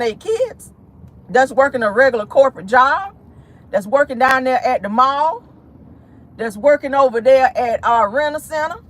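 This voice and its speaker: A woman's voice: on the low side, a bit bright, a little hiss or hum. A young adult woman hosting a celebrity gossip talk, sassy and slangy in casual commentary.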